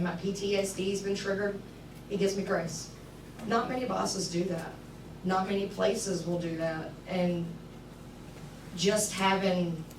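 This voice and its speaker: Woman, thirties, halting and heartfelt public talk; roomy, distant mic. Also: fairly low pitch, noisy background. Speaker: speaker sharing her recovery story. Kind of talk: emotional public speech. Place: event hall with a crowd.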